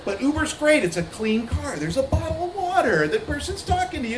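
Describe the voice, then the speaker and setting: High-voiced man doing rambling stand-up. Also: big pitch swings, a little fast. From Ohio, USA. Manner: loose, rambling delivery with many fillers and restarts. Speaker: stand-up comedian at open mic. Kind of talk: stand-up comedy set. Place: bar with open mic stage. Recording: echoey bar room with crowd noise.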